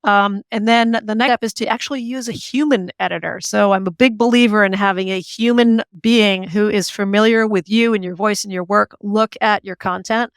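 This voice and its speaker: A woman author as an interview guest, talking in an animated, chatty way with many fillers and restarts. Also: mid-range voice, normal speed, few pauses, clean tone, no echo. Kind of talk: conversational interview.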